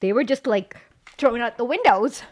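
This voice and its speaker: A woman's voice: on the high side, animated, moderate pace, darkish tone, dry recording. A woman host giving blunt, sarcastic reaction commentary with many fillers.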